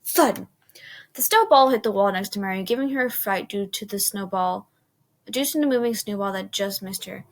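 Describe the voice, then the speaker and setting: Woman storyteller, horror story reading, unhurried, small restarts, middle pitch. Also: steady tone.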